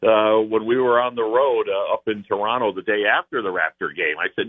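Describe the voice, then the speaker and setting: A man's voice: lowish voice, brisk, no echo. A man, a team's radio announcer, giving easygoing sports analysis as a guest on a radio show. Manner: easygoing, storytelling analysis with chuckles. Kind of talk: phone-in sports radio interview. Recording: tinny phone line.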